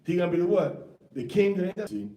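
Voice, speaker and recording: A man leads an informal Bible class in a slightly higher, mellow voice, quizzing students with rhetorical questions and street slang. He sounds distant from the mic in an echoey room. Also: fast. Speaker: Bible teacher. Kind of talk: informal scripture class teaching.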